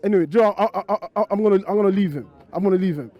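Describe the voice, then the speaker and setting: A man's voice: high voice, rapid-fire, no room sound, highs cut off. A man, a football fan, bluntly criticising players to camera. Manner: blunt, cutting, dismissive. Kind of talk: angry fan rant to camera.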